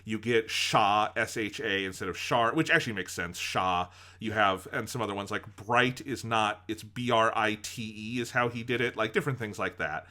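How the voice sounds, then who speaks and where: A man's voice: on the low side, steady tone, normal speed, hardly any pauses, sharp tone. A man co-hosting a podcast, chatting casually in a rambling, amused way with lots of fillers. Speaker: podcast co-host. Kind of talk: casual chat.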